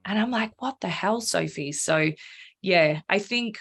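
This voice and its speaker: Frank, animated woman. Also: mid-range voice, a little slow. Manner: frank, animated, swears freely, acts out her own inner voice. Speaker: podcast guest. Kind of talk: candid conversational interview.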